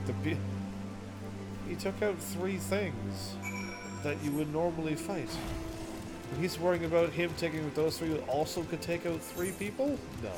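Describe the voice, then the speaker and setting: Excitable, rambling male gamer. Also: a little high, moderate pace. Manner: rambling, excitable, breaks into laughter. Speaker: gaming streamer. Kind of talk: casual gameplay commentary. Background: faint game music.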